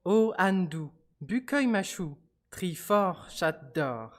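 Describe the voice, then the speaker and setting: A man reading verse aloud in a slow, measured, playful way. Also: high-pitched, animated. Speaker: reader. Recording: distant from the mic.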